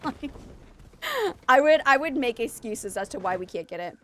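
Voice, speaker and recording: A woman's voice: on the high side, fairly quick. Chatty, rambling woman streamer. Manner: chatty, rambling and animated, with many fillers. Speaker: mother and former teacher. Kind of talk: casual chat while livestreaming a game.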